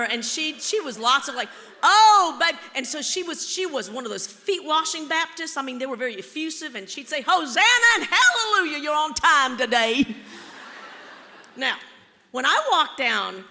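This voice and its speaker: A woman telling a story from the stage of a large auditorium, theatrical and teasing. Her voice is high, bright and full of swoops. Long reverb trails every line. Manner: theatrical, playful, teasing the audience. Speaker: keynote speaker, storyteller. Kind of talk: live storytelling keynote.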